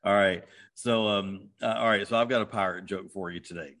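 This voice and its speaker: Man, fairly low voice, podcast co-host, rambling, easygoing, casual chat. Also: steady tone, brisk, fairly bright tone. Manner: rambling, easygoing, laughs often.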